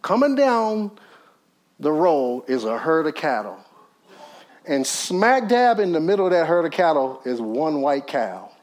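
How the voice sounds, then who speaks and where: A man preaching a sermon, telling a story full of acted quotes, swinging from loud high peaks to low murmurs and calling out questions to the audience. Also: very animated, measured pace. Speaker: pastor.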